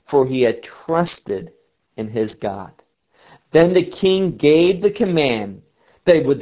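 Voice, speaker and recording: A man preaching a sermon, reading scripture aloud and explaining it with measured, dramatic pauses. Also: a little high. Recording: dull lo-fi recording.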